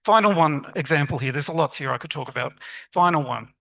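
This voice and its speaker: A man giving a lively, encouraging conference talk to teachers and asking the audience questions. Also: fairly high pitch, brisk, creaky, low-quality recording. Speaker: conference presenter on literacy teaching.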